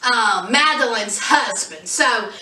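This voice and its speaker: A woman recapping a TV episode in a chatty, animated vlog, talking straight to her viewers. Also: a little high, slow, echoey room, far from the mic. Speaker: TV show reviewer.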